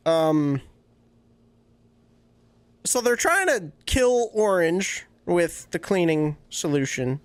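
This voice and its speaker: A woman co-hosting a podcast, recapping events in an unhurried, casual way with some swearing. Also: fairly low pitch, expressive, dry recording. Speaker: podcast co-host.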